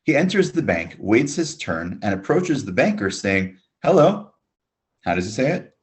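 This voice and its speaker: Guy with teaching beginner hebrew online, kinda low voice, says words slow and has you repeat. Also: sing-song. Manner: slow, drilled listen-and-repeat prompts. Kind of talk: online language lesson. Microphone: webinar microphone.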